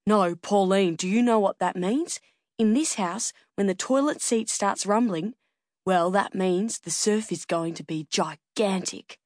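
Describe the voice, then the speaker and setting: Audiobook role: an excitable, blunt male surf director, urgent and emphatic, read by a woman narrator. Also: medium pitch, unhurried, dry recording, clean studio sound, close to an everyday voice. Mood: insistent.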